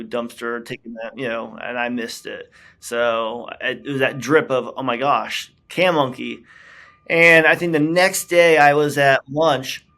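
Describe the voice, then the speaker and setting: A man's voice: medium pitch, sharp tone. A middle-aged man, a company founder being interviewed, telling his story in a casual way with many fillers and restarts. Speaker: business founder, guest.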